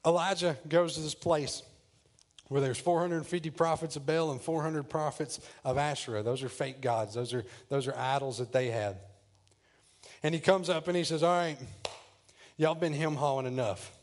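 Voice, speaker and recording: A man preaching a sermon, retelling a story in a lively, jokey way. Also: fairly high pitch, moderate pace. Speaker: pastor.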